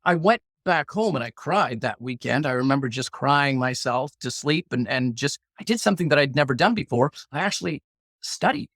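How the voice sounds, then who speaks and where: A man's voice: mid-range voice, expressive, moderate pace, a bit bright, no room sound. A middle-aged man telling a personal story as a guest in an interview, acting out the competing voices in his head. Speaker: guest, former hostage negotiator.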